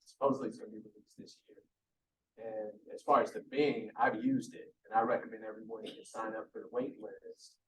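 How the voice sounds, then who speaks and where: A man's voice: lowish voice, fairly even intonation, brisk, a bit bright. A man adding to a conference presentation, telling anecdotes in a conversational way. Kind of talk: conference talk. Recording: distant mic.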